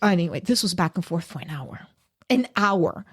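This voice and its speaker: A woman's voice: lowish voice, normal speed, husky. A woman guest on a podcast telling a personal story with emotion, acting out the people she quotes. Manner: animated, acts out quoted voices.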